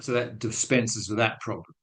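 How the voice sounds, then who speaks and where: A man's voice: fairly low pitch, steady tone, normal speed, poor audio. A man giving a webinar talk to teachers, telling a classroom story in a chatty, self-mocking way with acted-out quotes. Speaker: guest speaker on language teaching.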